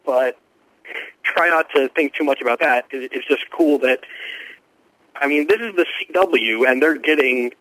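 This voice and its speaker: A man's voice: medium pitch, fairly bright tone, no echo, low-quality recording. Dry, eager man critiquing TV. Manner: quick, informed, enthusiastic explaining. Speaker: guest TV critic. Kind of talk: radio interview answers.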